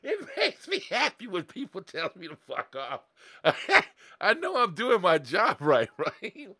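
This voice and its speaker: Blunt, profane man with a lively, bright voice. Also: high-pitched, slow pace, husky, no echo, clean studio sound. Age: 40s. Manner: profane, blunt, laughing often. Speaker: online marketing coach. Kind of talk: live-streamed motivational talk.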